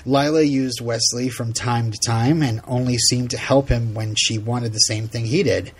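A man's voice: medium pitch, steady tone, normal speed, slightly rough. A man hosting a casual podcast chat, laughing often and reading out listener feedback. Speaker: podcast host.

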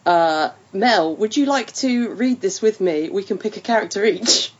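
A woman co-hosting a podcast in a relaxed, chatty way, laughing often. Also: medium pitch, moderate pace, slight background noise. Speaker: podcast co-host. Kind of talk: casual chat. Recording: slightly muffled lo-fi audio.

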